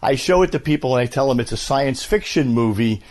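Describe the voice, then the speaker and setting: A man in his fifties, a voice actor, telling stories in a casual interview with an animated, filler-laden manner. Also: mid-range voice, a little fast. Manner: animated storyteller, many fillers. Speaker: voice actor, guest.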